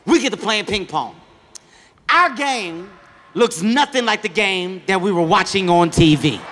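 A man doing stand-up comedy, telling stories in a loud, animated, profane way and acting out other characters. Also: high voice, a little slow, in a large hall. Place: stage before a live audience.

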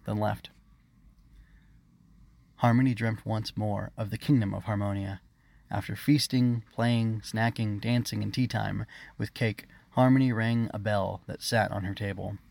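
Gravelly man reading a storybook. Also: lowish voice, steady tone, unhurried, darkish tone. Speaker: author reading his own story. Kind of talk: storybook narration.

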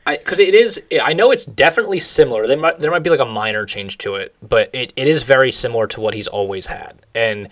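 A man's voice: medium pitch, animated, fast talker, hardly any pauses, a bit bright. A man co-hosting a podcast, chatting casually and enthusiastically with strong opinions. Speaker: podcast co-host. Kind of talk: casual wrestling chat.

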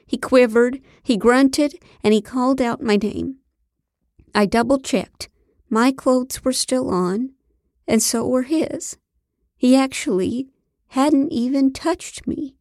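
Woman narrator, wry and deadpan, slightly high voice, dry studio recording. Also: dry recording. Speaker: audiobook narrator. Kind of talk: first-person comic novel narration.

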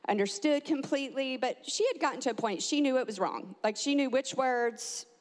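A woman with a fairly high voice tells a family story in an animated way, jumping up in pitch to act out quotes. Her voice rings out with a long hall reverb around it. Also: fairly quick. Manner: animated, acts out quotes with big pitch jumps. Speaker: adoptive mother telling a family story. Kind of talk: personal storytelling.

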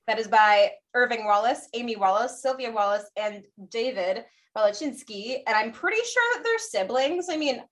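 A woman's voice: a little high, animated, normal speed, few pauses, far from the mic. A woman co-hosting a podcast in casual chat, presenting her research in a rambling, chatty way with frequent self-corrections.

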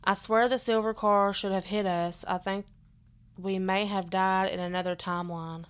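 A woman co-hosting a podcast, reading listener stories aloud in a steady, earnest way between bits of casual chat. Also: mid-range voice, moderate pace, clear, resonant tone.

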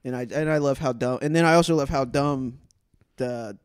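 A man's voice: mid-range voice, normal speed, smooth, no echo, clean studio sound. A young man co-hosting a podcast, giggling and rambling in casual chat. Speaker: podcast co-host.

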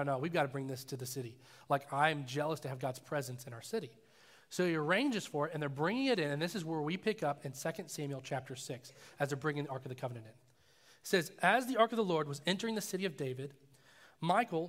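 A pastor preaching a sermon in a loose, casual way, telling stories and acting out voices in them. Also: male voice, a little high, long reverb tail. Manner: casual, animated storytelling with acted voices. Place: church sanctuary.

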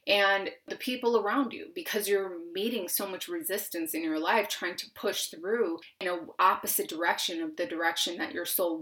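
A woman's voice: medium pitch, a bit bright. A woman hosting a spiritual podcast, talking in a chatty, emphatic monologue full of "like"s and restarts, with the odd swear word. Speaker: podcast host.

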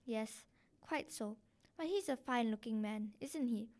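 A woman's voice: on the high side, measured pace, darkish tone, close to an everyday voice. A woman reading aloud as a sensible young wife and mother who answers politely and protests firmly. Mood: protesting.

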